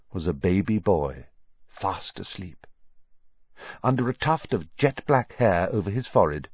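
A man narrates a storybook in an expressive, measured way. His low voice is husky and moves widely in pitch. The recording is dry and slightly dull. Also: dry recording. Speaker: audiobook narrator.

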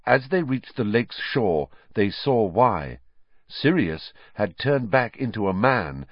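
A man reading a story aloud with slow, tense, expressive narration. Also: medium pitch, husky, dry recording, dull audio. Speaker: audiobook reader.

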